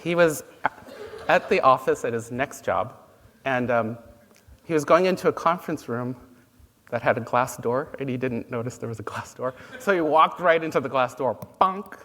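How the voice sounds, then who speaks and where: A man's voice: medium pitch, normal speed, fairly bright tone, in a large hall. A man giving a dharma talk as a Buddhist teacher, playful and laughing at his own jokes.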